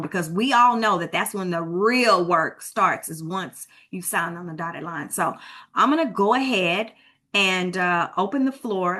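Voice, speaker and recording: A woman's voice: mid-range voice, bright, forceful tone. A woman with a Texan accent, a real estate broker teaching a live online homebuyer class in a chatty, informal way over a computer mic. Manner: chatty and informal, thinks aloud while fixing tech. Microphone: computer mic on a video call.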